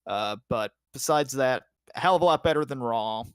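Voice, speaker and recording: A man's voice: mid-range voice, lively intonation, smooth, no echo, clean studio sound. Casual man recapping wrestling shows. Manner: rapid play-by-play recap, frequent "like" and "uh", swears. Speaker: podcast co-host.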